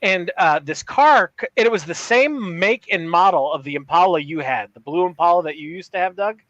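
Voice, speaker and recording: A man's voice: sits high, fairly quick, fairly bright tone, dry recording, dull audio. A man in his forties, co-hosting a podcast, chatting casually and profanely, laughing often and slipping into accent impressions. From Upper Peninsula of Michigan. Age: 40s. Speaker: podcast co-host. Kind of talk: casual comedic banter.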